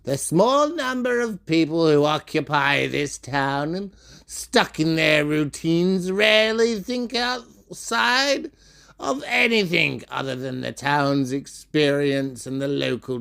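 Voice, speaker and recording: A man with vocal fry narrates a theatrical monologue, shifting from a bright sing-song voice to low, sneering tones. Along the way he calls out by name to listeners who exist only in his imagination.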